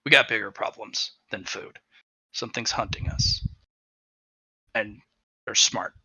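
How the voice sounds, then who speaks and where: A man voicing a grim, wary veteran monster hunter who speaks low, quiet and threatening. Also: measured pace, breathy edge, no echo, exaggerated voice.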